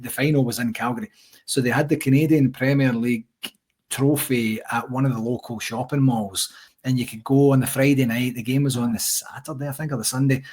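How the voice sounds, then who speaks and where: A middle-aged Scottish man, chatty and animated as he tells stories in a casual interview. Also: medium pitch, slightly rough. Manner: chatty storyteller, animated anecdotes. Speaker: interview guest, supporters' association president.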